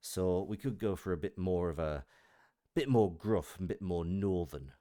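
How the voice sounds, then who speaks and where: Deep-voiced Merseyside man, dry sound. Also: moderate pace, mellow, no room sound. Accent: Merseyside English. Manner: thoughtful, explanatory. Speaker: voice actor. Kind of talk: casual chat on a live stream.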